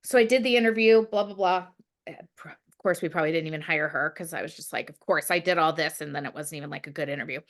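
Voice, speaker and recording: Chatty storytelling woman, lower voice. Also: fast. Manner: rambling, many fillers, acts out her own past words. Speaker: guest. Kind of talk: casual storytelling.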